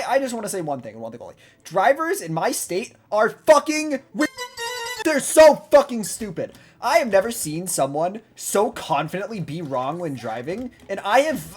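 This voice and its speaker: A young adult vlogger in an unscripted, profane rant, rambling with many restarts. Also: mid-range voice.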